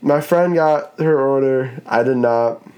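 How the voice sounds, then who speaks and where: A man's voice: mid-range voice, a little slow, mellow, clear, resonant tone, lo-fi sound. A man hosting a casual podcast chat, rambling in a laid-back way and swearing now and then. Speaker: podcast host.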